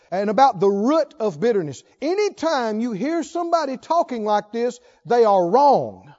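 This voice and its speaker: High-voiced emphatic male preacher. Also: muffled recording. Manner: emphatic, swings between loud and hushed. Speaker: pastor. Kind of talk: sermon.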